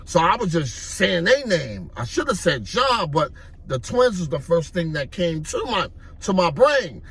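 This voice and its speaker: A man's voice: on the high side, big pitch swings, moderate pace, gravelly, a bit bright, husky. A man telling a story in loose, streetwise casual talk. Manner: loose, streetwise, repeats "you know what I mean". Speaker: vlogger.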